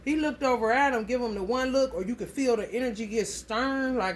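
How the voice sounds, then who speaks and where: A woman's voice: on the high side, brisk, a little hiss or hum. A woman giving a casual spoken reading to her viewers, blunt and heavily profane, rambling loosely as she talks. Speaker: astrology reading vlogger.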